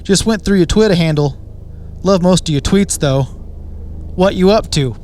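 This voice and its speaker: Pushy young female stranger, read by a man in a put-on accent; prying, a touch higher than his own voice. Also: moderate pace, darkish tone, slight background noise, natural voice. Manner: put-on accent, slightly raised pitch. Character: pushy young woman stranger texting, odd phrasing.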